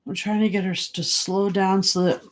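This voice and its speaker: A woman psychic giving live readings in a halting, casual way, with many fillers and repeated words. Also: medium pitch, flat delivery. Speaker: psychic medium. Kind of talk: livestream reading, casual chat.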